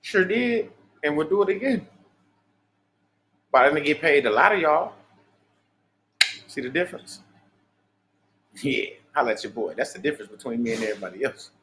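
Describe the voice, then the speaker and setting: High-voiced profane man ranting on a livestream. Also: animated, moderate pace, long pauses, a bit bright, slight background noise. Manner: profane, preachy, boastful. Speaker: livestream host. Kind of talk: unscripted livestream monologue.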